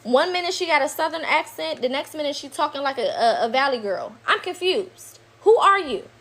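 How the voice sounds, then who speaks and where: Casting: woman with a high voice, indignant and emphatic, profane rant. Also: lively intonation, fairly quick, fairly bright tone. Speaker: woman in a played video clip. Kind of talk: heated monologue.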